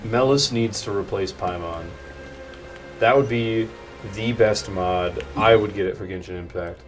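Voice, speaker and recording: A man's voice: fairly low pitch, unhurried, far from the mic. Goofy young man gaming streamer. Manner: goofy, rambling, loud outbursts, says "dude" and "like". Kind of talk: casual let's play commentary. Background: game music.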